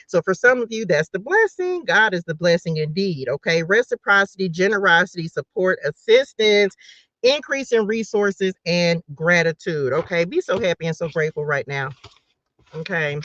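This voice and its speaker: A woman's voice: on the low side, a bit bright, no room sound, lo-fi sound. A woman hosting a live tarot reading, chatting playfully with her viewers and laughing often. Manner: chatty, addresses viewers directly.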